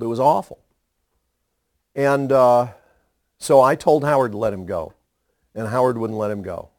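A man's voice: medium pitch, no room sound, clean studio sound. A male pastor telling stories in a sermon to young people, acting out the voices of the people he quotes. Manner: animated storyteller who acts out quoted voices.

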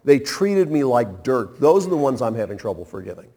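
Animated preacher man, lively pitch. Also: fairly quick. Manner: animated storytelling, acts out quoted voices. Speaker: pastor. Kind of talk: sermon.

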